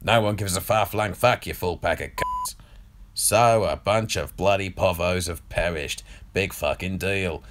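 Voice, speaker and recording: Guy putting on a foul-mouthed old aussie media mogul, gloating and sneering, lowish voice. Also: huge pitch swings, measured pace, noisy background, full character voice. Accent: put-on Australian. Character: crude, sneering elderly male media baron. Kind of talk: comedy podcast monologue.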